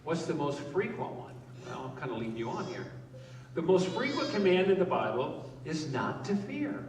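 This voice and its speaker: A man's voice: fairly high pitch, big pitch swings, normal speed, background noise. A male pastor giving a conversational sermon, asking the congregation questions and joking with them. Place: church hall with a live congregation. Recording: echoey hall, voice from a distance.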